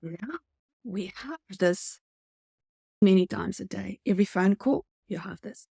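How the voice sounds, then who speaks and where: A woman's voice: medium pitch, lively intonation, unhurried, vocal fry, mellow, breathy edge, no echo, studio quality. A woman giving a motivational customer service training talk, earnest and coaching, speaking straight to her viewers.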